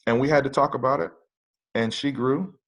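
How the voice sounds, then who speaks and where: A man's voice: medium pitch, brisk, a bit bright. A man talking as a guest in a casual conversation, speaking earnestly from his own family life.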